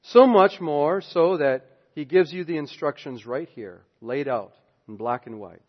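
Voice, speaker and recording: A man's voice: a little high, a little slow. Preaching man in an echoing hall. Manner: emphatic preaching, swings between loud and hushed. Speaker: pastor. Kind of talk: sermon. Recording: dull sound with long hall reverb.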